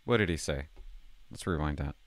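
Rambling older man with lively pitch. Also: no room sound, studio quality. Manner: rambling, self-conscious, halting. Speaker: channel host. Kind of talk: casual vlog chat.

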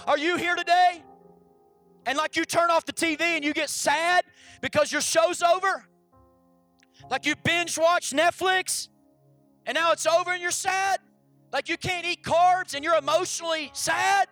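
A pastor delivers a sermon to a church congregation with a notably high voice. The delivery is animated and dramatic, moving between loud stretches and near-whispered ones. Soft music plays faintly underneath. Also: a little slow. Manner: animated preaching, swinging from loud to hushed. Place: church service.

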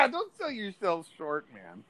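A man's voice: high voice, wildly swooping pitch, slow, background noise. A man hosting a podcast in casual, profane, joking chat. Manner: profane, joking, laughs often. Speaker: podcast host.

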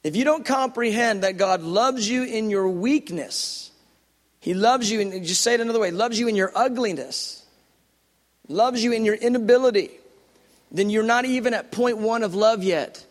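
High-voiced man preaching in a hall. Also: moderate pace. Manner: impassioned, builds to loud repeated phrases then drops to a hush. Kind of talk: sermon.

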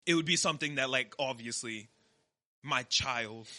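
Bright, animated male podcast co-host. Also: medium pitch, moderate pace, no room sound. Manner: loud, animated storytelling, swears freely, acts out quotes. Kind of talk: casual chat.

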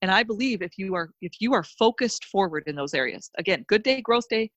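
A woman's voice: medium pitch, animated, brisk, fairly bright tone, no room sound, lo-fi sound. A woman guest on a podcast giving a fired-up motivational pep talk, emphatic and full of repeated phrases. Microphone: close podcast mic.

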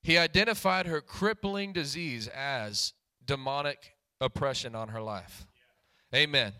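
A man preaching a sermon as pastor, breaking into loud calls and repeated hallelujahs. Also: medium pitch, unhurried, clean tone, no echo.

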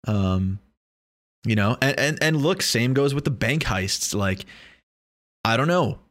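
A man's voice: mid-range voice, animated, slow, a bit bright, no room sound, clean studio sound. A young man talking in a casual, rambling monologue, joking and swearing freely.

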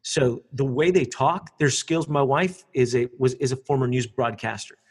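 A man, a public speaker chatting casually in an interview, animated and quick to repeat words. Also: medium pitch, slightly rough.

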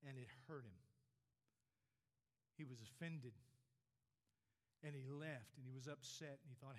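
A man in his sixties preaching a sermon in a church, rising to emphatic points and dropping low and quiet on key words. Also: steady tone, a little slow, long pauses. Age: 60s.

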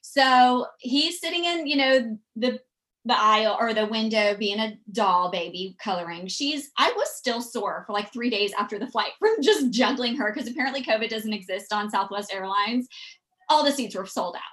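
This is a woman, chatting as a podcast guest. Her voice sits a bit high and sounds bright and forceful. She tells stories in an animated way and acts out the lines of the people in them. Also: normal speed. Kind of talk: casual storytelling.

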